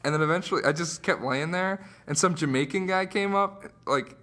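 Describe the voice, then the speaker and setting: A man's voice: on the high side, a little fast, pushed and bright. A young man in his late teens, co-hosting a casual podcast, telling a story with lots of laughs, "like"s and acted-out voices. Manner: laughs while telling, acts out voices, many likes. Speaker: podcast co-host.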